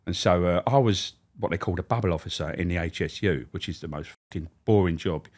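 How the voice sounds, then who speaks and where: A man's voice: deep voice, fast talker, darkish tone. A middle-aged man, a former prison officer, telling anecdotes as a podcast guest, swearing freely and acting out the people he quotes. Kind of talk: anecdotal storytelling.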